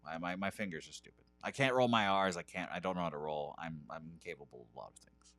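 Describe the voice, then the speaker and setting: A man's voice: deep voice, quick pace, fairly bright tone, no room sound. A man co-hosting a podcast, telling a rambling self-deprecating story full of swearing and hesitations. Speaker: podcast co-host. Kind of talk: casual storytelling chat.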